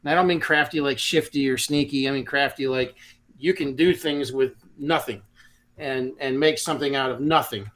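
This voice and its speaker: A man's voice: medium pitch, normal speed, a bit bright. A man doing a chatty, laid-back tarot reading on a live stream, with frequent restarts. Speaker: tarot reader.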